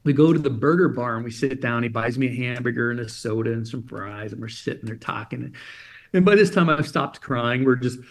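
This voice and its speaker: Animated male storyteller acting out dialogue. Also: medium pitch, fairly quick, gravelly. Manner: animated storyteller, acts out quoted dialogue with frequent "he goes". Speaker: interview guest, dream coach. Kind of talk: personal storytelling in an interview.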